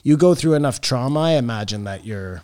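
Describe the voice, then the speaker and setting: A middle-aged man chats on a podcast, rambling from thought to thought and swearing freely. His voice sits at an ordinary pitch. The recording is dry and close. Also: animated, a little fast, darkish tone, no room sound. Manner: rambling, profane, jumps in animatedly. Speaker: podcast co-host. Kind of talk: casual chat.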